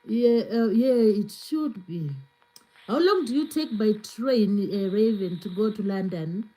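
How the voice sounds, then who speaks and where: Slow, mellow-voiced woman chatting with viewers. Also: medium pitch, poor audio. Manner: chatty, reads out viewer comments and answers them. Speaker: cooking channel host on a live stream. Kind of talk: casual live-stream chat with viewers.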